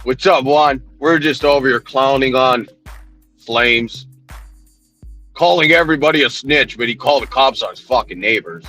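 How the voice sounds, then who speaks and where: A man's voice: mid-range voice, normal speed, pushed and bright, soft background music. A man ranting heatedly on a livestream, swearing constantly, mocking and confronting people while he answers his chat.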